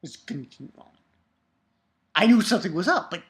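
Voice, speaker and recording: A woman giving a casual spoken review of a manga chapter, excitable, swearing freely and restarting her sentences often. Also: lowish voice, quick pace.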